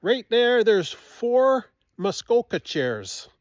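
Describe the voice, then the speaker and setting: A man with an extremely high voice and big pitch swings speaks slowly, with no echo, in a casual walk-and-talk vlog. He strolls around his farm outdoors, chatting to the camera and his animals while turkeys gobble and poultry sound off behind him.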